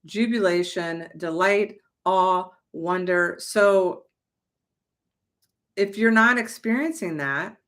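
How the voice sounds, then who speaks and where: A woman's voice: mid-range voice, fairly bright tone. A young adult woman giving a casual, emphatic motivational talk as a manifestation coach, chatty and swearing lightly.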